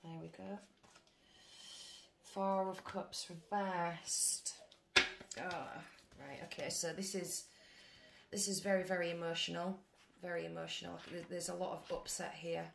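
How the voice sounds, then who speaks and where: A woman's voice: lowish voice, steady tone, a little slow, gravelly. A woman giving a casual tarot reading to her viewers, chatty and blunt, swearing freely as she goes. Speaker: tarot reader. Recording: echoey room with faint noise.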